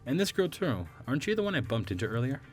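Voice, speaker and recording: A man's voice: medium pitch, big pitch swings, fast talker, soft background music, close to an everyday voice. Man playing a smug, teasing young woman.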